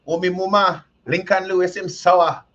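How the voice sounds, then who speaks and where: A man's voice: high-pitched, fairly even intonation, normal speed, fairly bright tone, highs cut off. A man putting on a fussing Guyanese auntie voice that nags someone to go and bathe, with a Guyanese accent. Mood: scolding.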